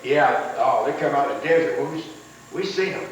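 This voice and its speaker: An older American veteran with a mid-range voice speaks fairly quickly in an oral history interview, recalling wartime stories. He rambles, repeats words, and acts out what others said, recorded in an echoey room on a distant mic with faint noise.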